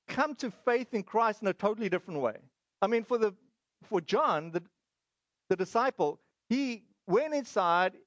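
Pastor, male, high voice, chatty sermon delivery with restarts, dry slightly dull recording. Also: no echo. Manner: conversational, with frequent fillers and restarts.

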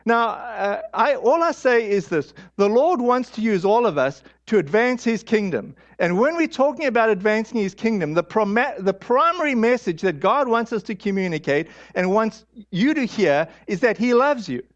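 In a sing-song high voice, a man delivers a storytelling sermon that's candid and self-deprecating, halting with fillers and restarts. It sounds dull and lo-fi, much like a vintage sermon recording.

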